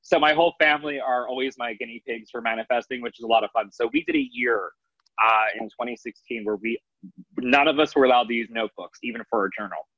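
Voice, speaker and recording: A man's voice: medium pitch, quick pace, bright, forceful tone, no room sound. Rambling man with a dull lo-fi sound. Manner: rambling, many restarts and fillers. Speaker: author and manifesting coach. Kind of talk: casual interview talk.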